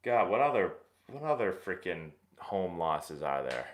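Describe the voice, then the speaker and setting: A young man hosts a casual live stream and answers viewer questions in loose sports-fan chat. His voice sits a little low. It swings widely up and down as he rambles and restarts his sentences. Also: big pitch swings, measured pace. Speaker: host of a live baseball Q&A stream.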